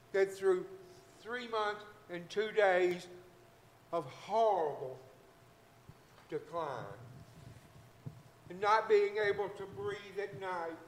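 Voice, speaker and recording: A middle-aged man, a physician, giving a fervent, emotional testimony in church and breaking into shouts of hallelujah. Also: sits high, roomy sound. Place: church sanctuary.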